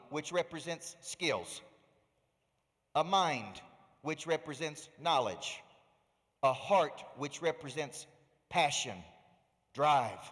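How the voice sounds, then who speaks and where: A middle-aged man with a fairly high voice delivers a preacherly motivational speech from a stage. He talks as a coach and keeps drawing the crowd in with questions. His voice rings out through a large, reverberant hall. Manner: energetic, preacherly, engages the audience with questions. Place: large hall before a live audience.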